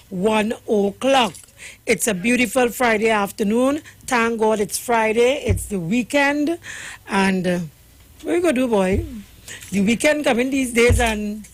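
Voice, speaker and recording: A woman hosting a radio talk show from the studio, chatty and folksy, sometimes slipping into heartfelt prayer. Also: medium pitch. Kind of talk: casual radio chat.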